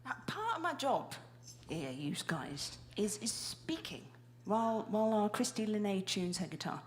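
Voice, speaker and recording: A woman's voice: medium pitch, very animated, moderate pace. A woman from the UK with a British accent, chatting and rambling on stage between songs at a live show. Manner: chatty, self-deprecating, rambling. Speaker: stage co-host. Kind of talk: casual on-stage banter. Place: live music venue.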